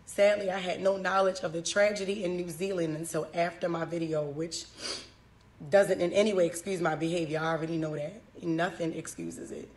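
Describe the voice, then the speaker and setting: A woman comedian reading a scripted apology to camera, halting, with fillers. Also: lowish voice, darkish tone.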